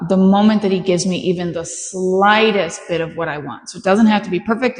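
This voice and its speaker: A woman dog trainer calmly and patiently explaining her training steps as she works a dog. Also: roomy sound, big-room sound. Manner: calm, patient explaining, bursts of high praise.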